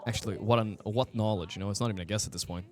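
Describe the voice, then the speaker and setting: A man streaming a game, giving casual, excitable commentary, swearing often and talking to his chat. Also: on the low side, rapid-fire.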